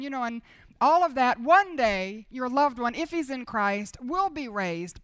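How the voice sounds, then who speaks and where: A woman preaching a sermon, moving between soft, intimate asides and loud, declaiming proclamation. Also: high-pitched, normal speed, smooth, no echo.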